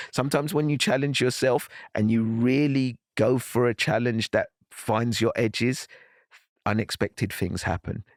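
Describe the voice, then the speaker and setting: Deep-voiced guy on a podcast, earnest and reflective, keeps restarting his sentences, dry close sound. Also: dry recording. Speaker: podcast guest. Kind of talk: personal storytelling in conversation.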